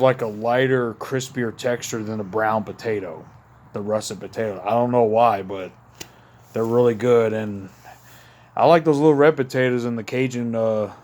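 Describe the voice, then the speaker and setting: A man from Mississippi with a Southern accent and a medium-pitched, darkish voice chats into his phone camera in his backyard at night. The vlogger is a little tipsy after a couple of beers, laid-back and rambling as he calls his viewers "y'all."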